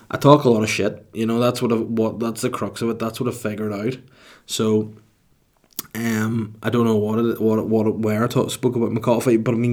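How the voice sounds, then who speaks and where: A man's voice: on the low side, darkish tone. A man hosting a solo podcast in a casual, rambling, self-mocking way with plenty of swearing. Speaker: podcast host.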